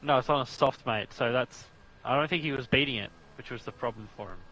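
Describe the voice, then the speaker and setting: A man's voice: medium pitch, a little fast, bright, forceful tone, muffled recording. An Australian man chatting casually as a stream co-host, laid-back and calling everyone "mate". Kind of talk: casual chat over racing commentary.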